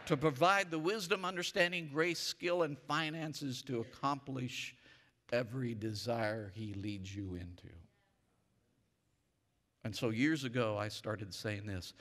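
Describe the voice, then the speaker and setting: Guy pastor preaching hard, bright forceful voice, big echoey church hall. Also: medium pitch, normal speed. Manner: emphatic preaching with call-and-response. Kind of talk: sermon. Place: church sanctuary. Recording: long reverb of a church hall.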